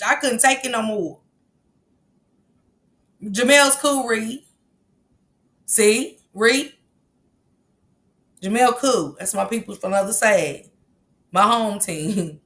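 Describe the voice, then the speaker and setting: A woman's voice: on the high side, sharp tone. A woman hosting a casual livestream, reading the chat aloud and bluntly scolding commenters. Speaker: livestream host.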